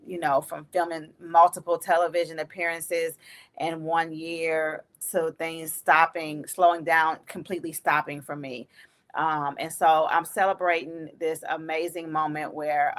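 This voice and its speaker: A woman's voice: low voice, a bit bright. A woman comedian hosting her own podcast, talking in a heartfelt, emotional way with many fillers. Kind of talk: personal podcast monologue.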